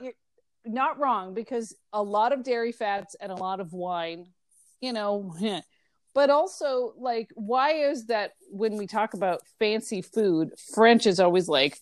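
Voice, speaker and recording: A woman chatting casually about food, talking in quick asides and laughing often. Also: mid-range voice, no room sound. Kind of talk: casual chat.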